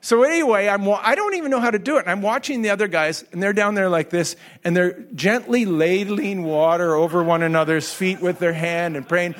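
A man's voice: high-pitched, fairly quick, hardly any pauses, fairly bright tone. A middle-aged man preaching a sermon to a church audience, telling a humorous personal story and laughing often as he goes. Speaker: pastor. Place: church hall before an audience.

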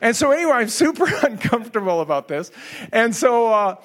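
A man's voice: extremely high pitch, very animated, brisk, fairly bright tone. A middle-aged man preaching a sermon to a church audience, telling a humorous personal story and laughing often as he goes. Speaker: pastor. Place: church hall before an audience.

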